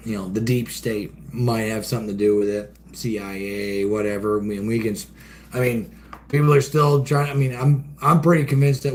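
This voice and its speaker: A man with a mid-range voice hosts a casual livestream from an outdoor shed with the door open, ranting in a profane, folksy way and reacting to chat. There's a little hiss or hum.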